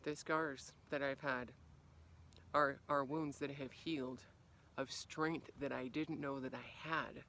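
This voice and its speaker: Woman coach doing a motivational vlog outside in the cold, super animated, acts out what people say, then goes all soft and quiet. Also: takes it slowly, a little hiss or hum. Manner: animated, acts out quoted reactions with big swings in pitch and volume; drops to a soft, quiet voice on reflective lines. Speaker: life coach. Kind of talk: motivational talk to camera. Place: outdoors in freezing cold.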